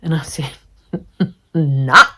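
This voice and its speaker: A woman's voice: fairly low pitch, a little slow, very noisy. A woman craft vlogger chatting casually to camera, rambling with lots of ums. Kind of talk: casual sit-down chat to camera.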